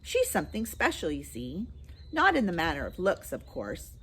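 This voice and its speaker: A woman's voice: on the low side, huge pitch swings, moderate pace, slightly rough, full character voice. A woman voicing a cheeky, knowing male starling in a storybook reading, with a mocking manner. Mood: jeering.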